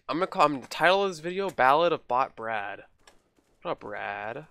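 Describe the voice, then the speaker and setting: A man's voice: medium pitch, animated, moderate pace, a bit bright, clear, resonant tone. A man hosting a gaming video, joking and trash-talking in casual commentary while he plays. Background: game gunfire and keyboard clicks.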